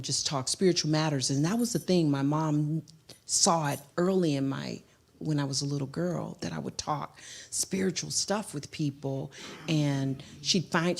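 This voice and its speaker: A woman giving a heartfelt spiritual testimony, halting and full of fillers. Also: very deep voice. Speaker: guest speaker and singer.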